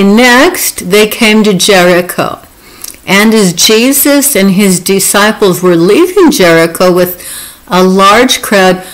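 Earnest woman retelling scripture, slow, heartfelt, chuckles often. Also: mid-range voice, rough recording. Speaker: devotional speaker. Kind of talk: informal Bible teaching.

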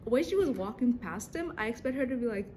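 A young woman reacts to a drama episode in a casual, slang-filled chat, often breaking into laughter. Her voice sits high and swoops all over the place. A faint hiss runs under the recording. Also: animated, fast talker, a little mellow. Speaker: reaction video host.

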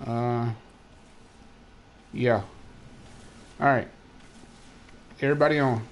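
A man's voice: medium pitch, fairly even intonation, takes it slowly, slight background noise. A man leading a raid on a live game stream, talking casually with mumbled asides as he plays. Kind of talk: casual gaming chat.

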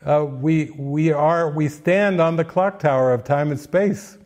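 A man's voice: on the high side, measured pace, a little mellow. A man giving casual spiritual commentary in an earnest, playful way, now and then acting out little quoted voices.

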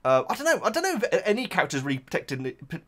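A man's voice: high voice, wildly swooping pitch, racing, sharp tone. A man hosting a reaction channel, talking in a casual, emotional and rambling way with lots of restarts.

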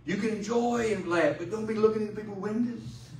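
A male pastor preaching a sermon in a loose, conversational way, joking and pausing for the congregation to answer. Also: high-pitched, reverberant, distant mic, very noisy. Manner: conversational, joking, with call-and-response. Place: church sanctuary.

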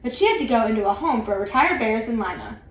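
A woman's voice: fairly high pitch, lively intonation, fast, recorded from a distance, close to an everyday voice. A woman voicing a polite, earnest young male bear in a storybook reading. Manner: earnest, well-mannered. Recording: roomy, away from mic.

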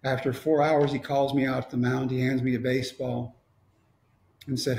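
A man's voice: mid-range voice, flat delivery, moderate pace, a little mellow. A middle-aged man from Texas, telling a personal story in a wry way with quoted dialogue. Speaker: motivational speaker. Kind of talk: storytelling talk. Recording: echoey room.

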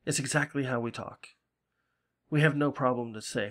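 A man's voice: mid-range voice, normal speed, pauses often, a bit bright. A man from Salem, chatting casually and swearing freely while commenting on his game. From Salem, Massachusetts. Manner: rambling, profane, chatty. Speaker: gaming channel host.

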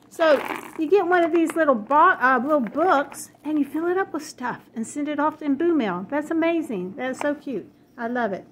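A crafting vlogger with a high female voice chats casually at home while opening happy mail, gushing and easily delighted. There's a little hiss or hum, along with paper crinkling and dogs in the house.

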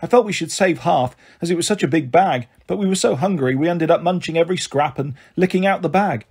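A man reading a children's novel aloud, narrating in the first person in an even, unhurried way. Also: a little high, breathy edge. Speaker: storybook reader.

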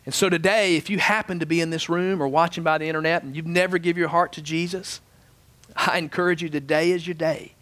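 Guy preaching a sermon, kinda high voice, dry close sound, gets animated then goes quiet. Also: a little fast, no room sound. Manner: animated storytelling, voice dropping soft for prayer. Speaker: pastor. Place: church sanctuary.

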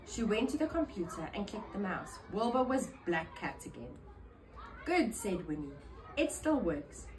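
A woman reading a children's picture book aloud in an expressive, animated storytelling manner. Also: mid-range voice, normal speed, hardly any pauses, crowd noise, noisy background.

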